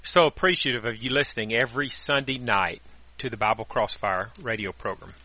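A man hosting a Sunday night radio program, giving an earnest, steady sermon with scripture readings. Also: medium pitch, fairly quick. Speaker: radio preacher and host. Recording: dry, dull lo-fi radio audio.

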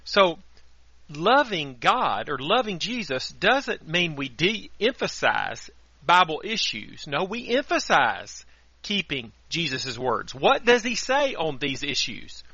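A man hosting a Sunday night radio program, giving an earnest, steady sermon with scripture readings. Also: on the high side, slow pace, slightly rough, no echo. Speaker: radio preacher and host. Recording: dry, dull lo-fi radio audio.

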